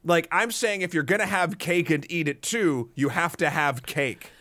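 A man's voice: a little high, moderate pace, bright, forceful tone, no echo. A man co-hosting a film podcast, making his points casually with some hesitation. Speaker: podcast co-host.

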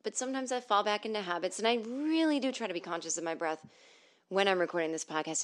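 A woman's voice: medium pitch, quick pace. A middle-aged woman from the northern United States hosting a podcast from home, telling stories in a sarcastic, profane comedic monologue. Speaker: podcast host.

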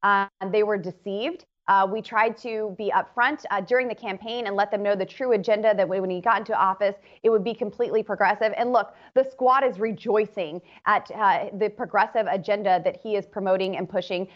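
A woman's voice: mid-range voice, steady tone, brisk, hardly any pauses. Assertive woman politician on lo-fi line. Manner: assertive talking points. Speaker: politician guest. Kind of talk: political interview.

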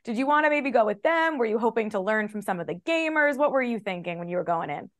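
A woman's voice: fairly high pitch, animated, quick pace. A woman interviewing reality show contestants, asking several questions in a row. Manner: stacks several questions at a time.

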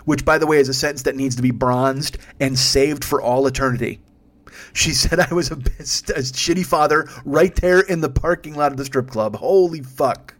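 A man's voice: medium pitch, moderate pace. A man hosting a podcast, telling a comic story with lots of profanity and acting out each voice. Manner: profane, animated, acts out every voice. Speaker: podcast host. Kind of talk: comedic storytelling.

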